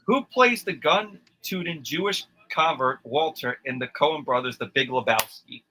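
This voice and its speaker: Bright-voiced man reading quiz questions. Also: a little high, lively intonation, normal speed, slight background noise, rough recording. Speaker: quizmaster. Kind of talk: reading trivia questions in casual chat.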